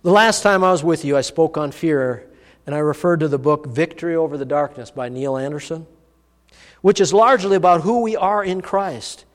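A man's voice: a little high, moderate pace. A man preaching a sermon, telling a personal story in an earnest, vivid way. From United States. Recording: long hall reverb.

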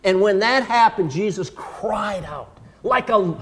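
A man preaching a sermon, dramatic, slowing down and rising for emphasis. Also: high-pitched, lively intonation, fairly bright tone, big-room sound. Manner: dramatic, slows and rises for emphasis. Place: church.

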